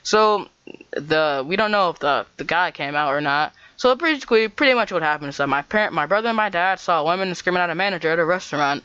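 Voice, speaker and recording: A man's voice: on the high side, expressive, fast talker, pushed and bright, clean tone, no room sound. A man telling a story in a vlog, rambling with lots of "like" and restarts. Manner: rambling, full of fillers and restarts. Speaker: vlogger. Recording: dull lo-fi mic, dry.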